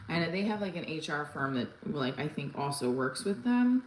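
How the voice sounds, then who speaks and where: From a room at home, a comedian in her forties hosts a livestream at normal speed, her low voice swinging widely in pitch. She chats loosely, with lots of fillers and restarts, against echoey acoustics and faint ambient noise.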